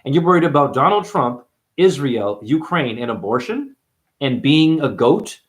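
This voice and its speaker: A man's voice: mid-range voice, big pitch swings, normal speed. A man hosting a numerology video, ranting to camera in a confrontational, preachy way and calling viewers honey. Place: apartment.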